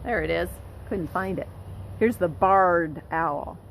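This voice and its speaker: A woman nature educator giving an expressive lesson to children, speaking directly to her young listeners. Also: on the low side, takes it slowly, creaky, slight background noise, poor audio.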